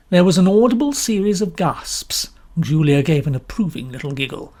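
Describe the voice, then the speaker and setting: A British woman reads an audiobook aloud with expressive, lively storytelling. Her voice sits low and is a little husky, and her pitch rises and falls widely across the phrases. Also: moderate pace, hardly any pauses. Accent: British English. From London. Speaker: audiobook narrator. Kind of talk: scripted narration.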